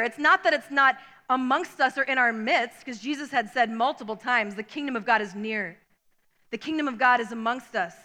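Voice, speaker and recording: Bright high-voiced woman preaching in a hall. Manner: reads scripture then comments conversationally. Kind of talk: sermon with scripture reading.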